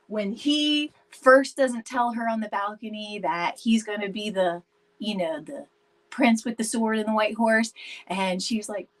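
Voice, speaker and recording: A woman's voice: a little high, a little hiss or hum, rough recording. A woman chatting casually with viewers during a live craft stream, laughing often and greeting people by name. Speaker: DIY home decor live streamer.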